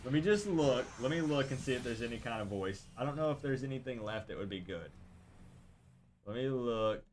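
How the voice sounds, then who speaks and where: A man's voice: medium pitch, brisk, soft background music. A man streaming a video game, chatting casually and animatedly with his viewers. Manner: chatty, animated, talks to chat directly. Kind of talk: casual gameplay chat with viewers.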